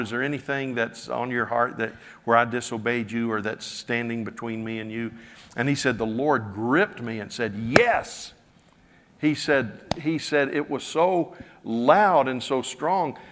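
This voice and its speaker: A man's voice: medium pitch, a bit bright. A man preaching a sermon, retelling a story through many quoted lines, with frequent repeats of "he said". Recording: long hall reverb.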